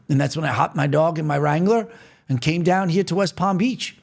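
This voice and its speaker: A man's voice: a little high, brisk, gravelly. A man from New York hosting a podcast, talking earnestly and repetitively straight to the listener in a motivational monologue. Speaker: podcast host.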